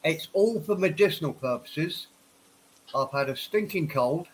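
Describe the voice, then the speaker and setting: A man's voice: a little high, animated, unhurried, slight background noise, rough recording. A man hosting a casual livestream chat, stuffed up from a head cold and a few whiskeys in, rambling and restarting his words. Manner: tipsy after a few whiskeys. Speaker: livestream host. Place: home office.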